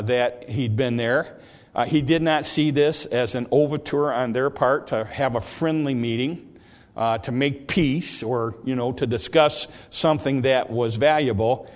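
A man teaching a Bible study lesson, explaining in a halting way and often repeating words as he goes. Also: mid-range voice. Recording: long reverb of a large hall.

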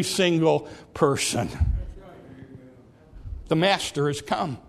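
A man preaching a sermon, swinging from loud, ringing calls to hushed, quiet lines. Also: on the high side, slow, pauses often.

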